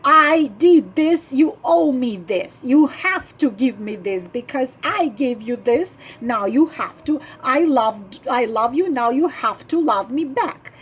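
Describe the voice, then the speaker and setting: A nagging wife whines through tears, accusing and demanding, as a woman puts her on. The voice sits a little high and sounds breathy and husky, and the words come out slow and drawn. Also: expressive, heavily acted. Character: whining, tearful, demanding wife complaining to her man.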